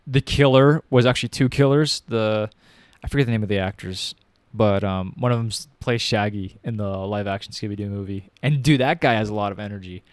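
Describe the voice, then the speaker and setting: A man's voice: lowish voice, brisk, clear, resonant tone, dry recording. A young man casually reviewing a movie, rambling with lots of fillers, slang and restarts.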